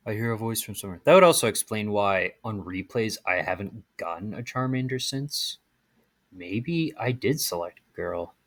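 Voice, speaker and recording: A man's voice: lowish voice, a bit bright. Rambling man narrating a game. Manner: chatty and rambling, restarts often. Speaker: video game streamer. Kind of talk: let's play commentary. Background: game music.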